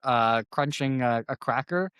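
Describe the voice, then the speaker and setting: A man of middle pitch, hosting a comedy podcast. He tells stories in a loose, casual way and often breaks into laughter. The sound is dry and close, with no room around it. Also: a little slow, clean tone, no room sound. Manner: animated storytelling, laughs often.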